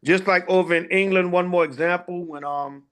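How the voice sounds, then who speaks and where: A man's voice: high voice, fairly even intonation, normal speed, fairly bright tone, clean tone. A man, an elder leading a class, telling stories in a casual way with many fillers and voiced dialogue.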